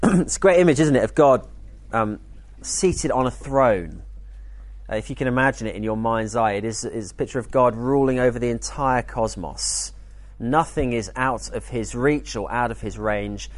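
A man teaching at a church weekend, speaking in a conversational, lively way with jokey asides. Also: medium pitch, normal speed, no room sound. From United Kingdom. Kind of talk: teaching talk.

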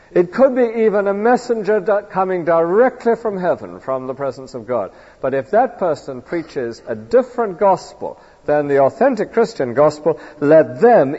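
A man's voice: high-pitched, big pitch swings, normal speed, warm tone, slightly rough. A man preaching an earnest, emphatic expository sermon in a church. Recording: dull lo-fi recording with long hall reverb.

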